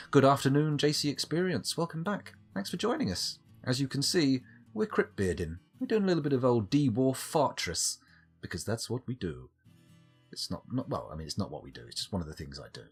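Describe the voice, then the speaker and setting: A man's voice: on the low side, very animated, fairly quick, darkish tone, husky, soft background music. Wry chatty male streamer. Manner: rambling, wry, chatty with chat. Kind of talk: casual live-stream chat while playing.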